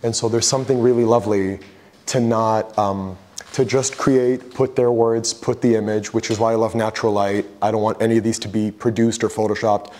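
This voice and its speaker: A man's voice: lowish voice, little pitch movement, fairly quick, a little mellow. A man giving an artist talk about his photographs, chatting loosely and retelling conversations with lots of "like". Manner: loose and chatty, full of "like" and retold dialogue. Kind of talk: casual talk to a gallery audience. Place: gallery hall. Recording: long reverb of a gallery hall.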